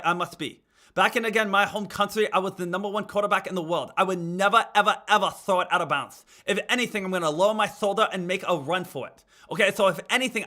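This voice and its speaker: A man's voice: high-pitched, pushed and bright. A man hamming up a cocky star quarterback.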